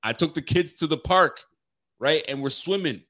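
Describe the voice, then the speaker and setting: A man's voice: on the high side, normal speed, over a noisy crowd. Laid-back man telling a story. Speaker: podcast co-host. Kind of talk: casual storytelling chat.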